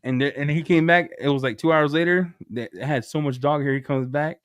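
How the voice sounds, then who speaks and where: A man co-hosting a podcast in casual chat, telling stories with lively acted-out quotes. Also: fairly high pitch, brisk, smooth, no echo, clean studio sound. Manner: animated storyteller, acts out quotes. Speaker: podcast co-host.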